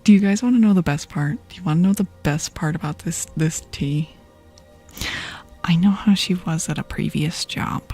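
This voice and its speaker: Young woman, breathy whispers, whispered role-play, gossipy, laughing, faint music underneath. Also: lowish voice, normal speed. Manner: gossipy, laughs often, mixes whispers and soft talk. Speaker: ASMR streamer.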